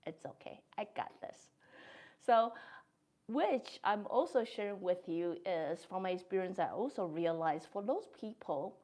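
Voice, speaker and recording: Gentle lower-voiced woman podcaster. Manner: gentle, thoughtful, with soft laughs; speaks English with non-native grammar. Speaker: podcast host. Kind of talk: reflective monologue.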